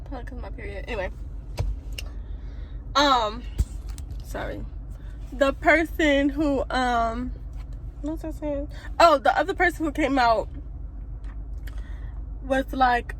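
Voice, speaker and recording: High-voiced woman vlogging casually. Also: takes it slowly, long pauses, slight background noise. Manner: animated, exasperated retelling with repeated restarts. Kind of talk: casual vlog storytelling. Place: in a car and around home.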